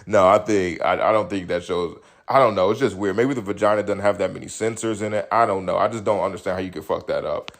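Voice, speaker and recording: A young man hosting a solo podcast, telling stories in a loose, profane, animated way and laughing often. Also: low voice, fast, hardly any pauses. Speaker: podcast host. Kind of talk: casual solo commentary.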